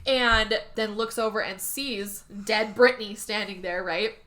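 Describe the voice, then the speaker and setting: A woman's voice: medium pitch, a little slow. A woman co-hosting a podcast, recapping a movie in casual chat and acting out the characters as she goes. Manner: animated retelling, acting out characters with swearing and laughs. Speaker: podcast co-host.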